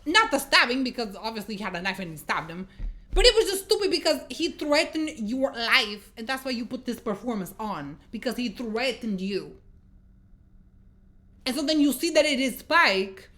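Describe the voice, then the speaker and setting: A woman's voice: fairly high pitch, moderate pace. A woman giving a casual movie review, exasperated and swearing as she retells scenes. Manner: exasperated, swearing, animated storytelling.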